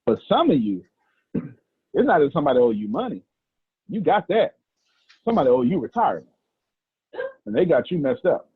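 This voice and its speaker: A man's voice: a little high, very animated, normal speed, long pauses, breathy edge, dry recording. A man giving a fiery, preachy motivational talk on sales and money, emphatic with big swings in his voice. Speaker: business speaker. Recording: tinny phone-like audio.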